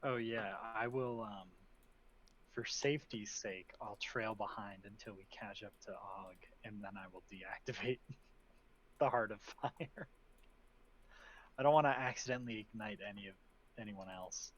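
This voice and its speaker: A man at a tabletop game table with a fairly low voice. He lays out his character's plans and slips in wry, dry jokes, with a faint hiss in the background. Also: unhurried, low-quality recording. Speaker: player. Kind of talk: casual tabletop play.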